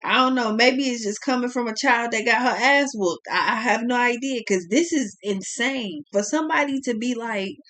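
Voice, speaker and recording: A woman's voice: on the high side, normal speed, few pauses, a bit bright. Blunt, profane woman tarot reader. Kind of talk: tarot reading commentary.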